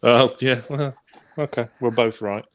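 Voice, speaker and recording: A man's voice: mid-range voice, steady tone, a little slow. A man playing along in a casual quiz, jokey and teasing. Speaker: quiz contestant. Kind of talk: casual banter.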